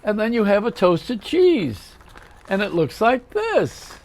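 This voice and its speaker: A man's voice: sits high, very animated, takes it slowly. Wisecracking older man, rambling monologue. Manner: rambling wisecracks and one-liners; chatty, talks straight to the viewer. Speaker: host. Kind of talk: comedic monologue.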